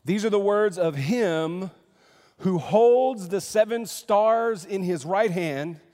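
A male pastor preaching a sermon to his church, lively and firing questions at the congregation. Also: fairly high pitch, long reverb tail. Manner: animated, quizzes the congregation with questions. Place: church sanctuary.

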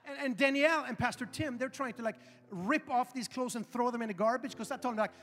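Pastor guy telling a funny story, high voice, gets loud and animated, echoey church hall. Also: fast talker. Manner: animated, humorous, building to loud emphasis. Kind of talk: storytelling sermon. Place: large church auditorium. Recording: reverberant hall with faint music.

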